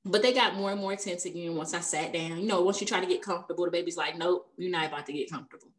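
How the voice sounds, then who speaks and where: A woman's voice: lowish voice, very fast, a little hiss or hum. A young adult woman telling a personal story in casual conversation, chatty and laughing often between sentences.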